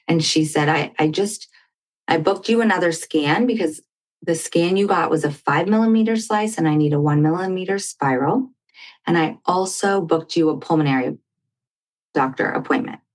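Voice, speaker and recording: A woman guest on a talk show, telling a personal story in conversation and acting out what others said. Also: deep voice. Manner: animated storytelling, acting out quoted dialogue. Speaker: podcast guest.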